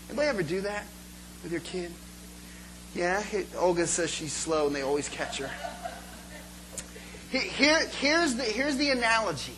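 A pastor preaching a passionate sermon to his church, moving between quiet, chatty asides and loud, pleading calls. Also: high voice, slight background noise, low-quality recording.

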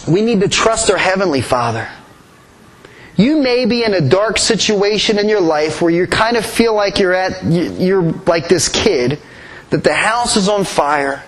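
A man's voice: high-pitched, animated, a little slow, poor audio. A man preaching a sermon in an earnest way, often repeating his key phrases. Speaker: pastor.

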